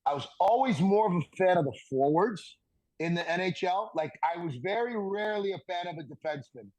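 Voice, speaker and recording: A man in his thirties, a podcast guest telling stories in a casual, animated way and laughing through the punchlines. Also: high-pitched, a little fast, low-quality recording. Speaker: podcast guest, former hockey defenseman. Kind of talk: casual storytelling.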